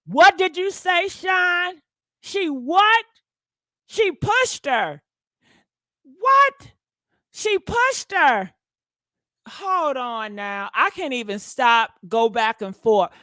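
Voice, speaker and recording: Gossip host, woman, high voice, dry close mic, exclaiming and chatty. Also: bright, forceful tone, dry recording. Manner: exclaiming, talks straight to viewers. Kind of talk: live-stream gossip commentary.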